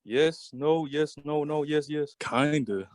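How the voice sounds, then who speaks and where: Guy performer on a video call, kinda high voice, exasperated but joking. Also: slow pace, a little mellow, no room sound. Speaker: talent show performer.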